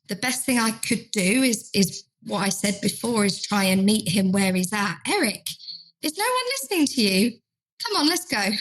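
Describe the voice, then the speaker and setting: On a rough recording, a woman with a medium-pitched voice, a dementia trainer, tells a care story during a podcast chat. She performs the quoted lines of carers and residents in different voices.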